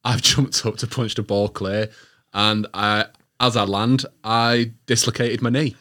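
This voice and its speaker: A man's voice: lowish voice, fairly even intonation, unhurried, sharp tone, no room sound, studio quality. A young man telling a story in a laid-back way to friends, chuckling as he goes. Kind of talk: casual storytelling among friends.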